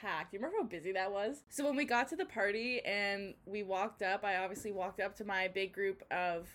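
A woman's voice: mid-range voice, a little fast, fairly bright tone. A young adult woman co-hosting a podcast, telling a story in chatty casual talk, full of slang and "like". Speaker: podcast co-host.

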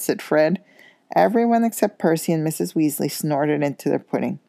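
A woman reading a children's novel aloud in a steady storytelling manner. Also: sits low, normal speed, vocal fry, no room sound, clean studio sound. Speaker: reader.

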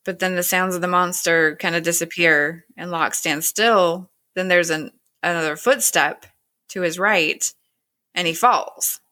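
Bright-voiced woman recapping a show. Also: lowish voice, fairly even intonation, unhurried. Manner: retells scenes with "he's like" quotes. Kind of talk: casual episode recap.

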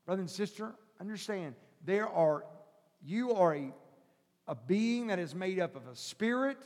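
A male pastor preaching a sermon, shifting from quiet teaching to loud shouted preaching and calling the listeners brother and sister. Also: high voice, lively intonation, a little slow. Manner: calls the congregation brother and sister. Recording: long hall reverb.

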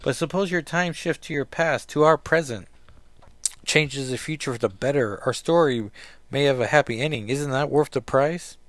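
A man's voice: mid-range voice, moderate pace, fairly bright tone, no echo, voice pushed up, natural voice. A man reading as an earnest young heroine. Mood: reassuring. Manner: eager, reassuring comic-book reading. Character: young woman hero, upbeat and earnest.

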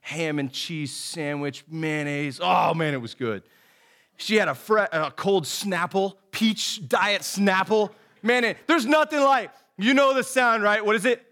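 An associate pastor in his thirties gives a casual, earnest sermon packed with folksy stories, constantly saying "man" and "dude." He's animated, with a high voice and a slightly slow pace.

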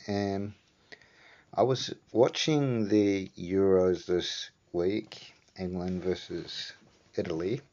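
A man's voice: sits low, dark tone. A man with a New Zealand accent hosting a vlog, rambling in a laid-back, casual way and swearing offhandedly. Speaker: vlog host. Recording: dull lo-fi sound.

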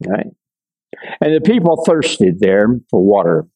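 An older man giving a conversational Bible lesson, reading scripture aloud and breaking off to explain it, with frequent pauses and check-ins with his listeners. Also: fairly low pitch, very animated, mellow, rough recording. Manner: many fillers and restarts, checks in with listeners. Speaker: Bible teacher.

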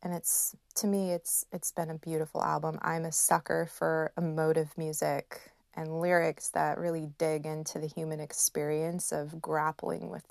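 A woman in her thirties hosting a podcast, speaking in a slow, gentle and emotional personal reflection with soft laughs. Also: sits low, level tone, vocal fry, dry recording, clean studio sound. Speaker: podcast host.

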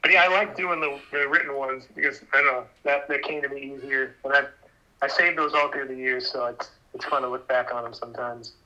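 A male podcast guest talks casually, stumbling over and repeating words as he thinks. His voice is very bright and sharp, and it comes through a dull, lo-fi remote line. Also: medium pitch, steady tone. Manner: hesitant, repeats words, halting.

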